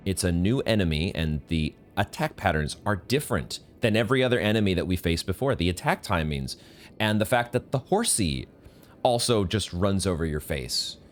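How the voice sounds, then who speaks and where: A man playing a video game and commenting as he goes, swearing often and jumping up into high, angry yelling when things go wrong. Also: lively intonation, moderate pace. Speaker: gaming streamer. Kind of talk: live gameplay commentary.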